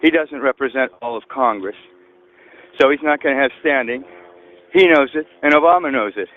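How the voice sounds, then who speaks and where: A male caller talking over the phone on a radio show, emphatic and quick. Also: medium pitch. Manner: fast and emphatic. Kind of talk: call-in on a phone. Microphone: phone on speakerphone. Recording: dull lo-fi phone line.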